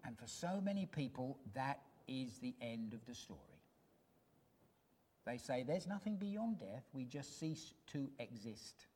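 A man's voice: medium pitch, sing-song, unhurried, darkish tone, slight background noise. A man preaching a sermon, emphatic and asking his listeners rhetorical questions.

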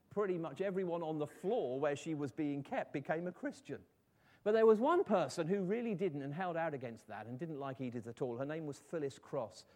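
A man's voice: on the high side, darkish tone. A man preaching a sermon, telling a story in an earnest voice and rising to fervent appeals.

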